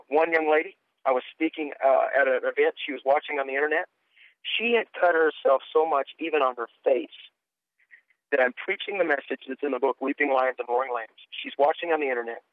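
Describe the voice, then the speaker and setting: A middle-aged preacher man tells stories in an interview, earnest and animated as he replays what others said. His voice comes through thin and tinny, as if over a phone line. The sound is dry and close. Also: a little high, dry recording. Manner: earnest storytelling, animated retelling of dialogue. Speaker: preacher guest. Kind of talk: testimony-sharing interview.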